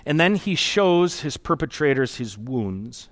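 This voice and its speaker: A man's voice: a little high, big pitch swings, measured pace, a bit bright. A man preaching a sermon as pastor, in an earnest, conversational and reflective storytelling manner.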